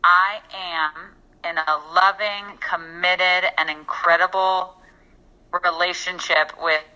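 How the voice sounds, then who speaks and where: A young woman with a bright, forceful tone and a slightly low pitch talks through her goals in a casual podcast chat. She is earnest and reflective, often circling back and restarting her sentences. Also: fairly even intonation, slow pace, low-quality recording.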